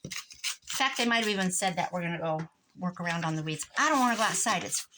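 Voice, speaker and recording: A crafting vlogger from Iowa, in her sixties, chats quickly in a fairly low voice while working on a craft project indoors at her desk. Her family story wanders, full of animated anecdotes and asides about the craft, over a faint hiss or hum.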